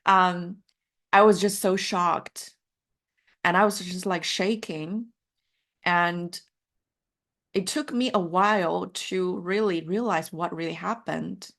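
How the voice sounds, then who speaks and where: Lady coach on a video call, mandarin is her first language, slightly low voice, warm and encouraging, lots of ums. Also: takes it slowly. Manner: encouraging, heartfelt, with frequent fillers. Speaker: life coach. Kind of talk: live online coaching session.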